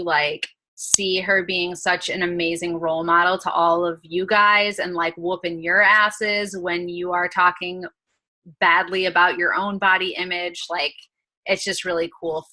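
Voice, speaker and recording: Bright, upbeat woman hosting a call. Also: on the low side, dry recording, low-quality recording. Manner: upbeat, enthusiastic, fast. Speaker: team call host. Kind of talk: casual video call hosting.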